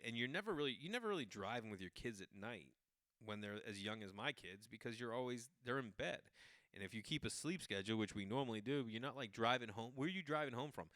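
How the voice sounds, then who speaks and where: A man from the Boston area hosting a podcast, telling casual comic stories in an animated, chatty way. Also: mid-range voice, no room sound, clean studio sound. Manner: animated, jumps into quoted voices, loose and chatty. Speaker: podcast host.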